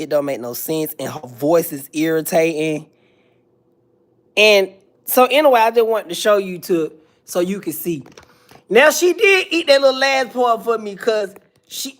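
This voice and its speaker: A woman giving casual reaction commentary, blunt and profane, ranting at length. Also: fairly low pitch.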